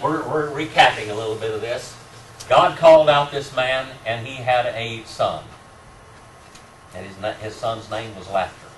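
A man leads a Bible class in a church classroom. He quizzes his students and laughs often, and his voice sits in the middle range. The recording is roomy and distant, with a faint hiss underneath. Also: medium pitch. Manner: asks the class questions, chuckles often, warm teasing. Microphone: room mic from a distance.

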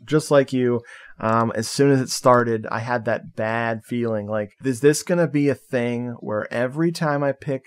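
A man at an ordinary pitch co-hosts a loose, casual film chat. He is jokey and laughs often, and he tosses in swear words as he goes. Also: normal speed, clean tone. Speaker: podcast co-host.

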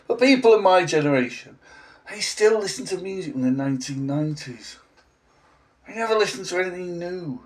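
A man's voice: high voice, animated, brisk. A man in his forties, a language teacher, ranting in a blunt, sarcastic vlog monologue with an English accent. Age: 40s.

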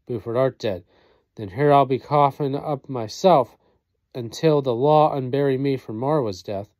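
A man reading the part of a young gentleman soldier in a play, in a measured period-verse delivery. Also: mid-range voice, dry recording, natural voice. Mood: grieving. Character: young gentleman soldier, proud then grief-struck.

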